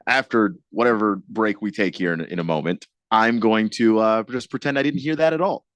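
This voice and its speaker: A man's voice: on the low side, fairly quick, fairly bright tone, no room sound. A man co-hosting a radio show, laid-back and self-deprecating in casual banter. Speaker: radio co-host.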